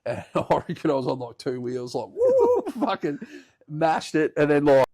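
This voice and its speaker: A man with an Australian accent, a podcast co-host casually telling a story in animated, swear-heavy language. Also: on the high side, moderate pace. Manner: animated, profane yarn-spinner.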